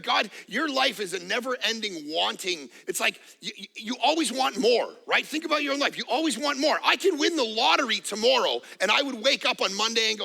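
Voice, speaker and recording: Pastor, man, 40s: sharp, bright-edged voice, high-set, emphatic repeating sermon delivery with quips. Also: expressive, normal speed, gravelly. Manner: emphatic, repetitive, joking asides.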